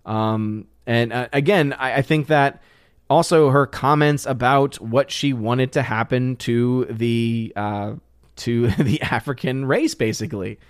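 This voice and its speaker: A man's voice: mid-range voice, a little slow, smooth, no room sound, studio quality. A man hosting his channel, chatting casually and reading viewer comments on a live stream, loose and full of fillers and restarts. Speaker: channel host.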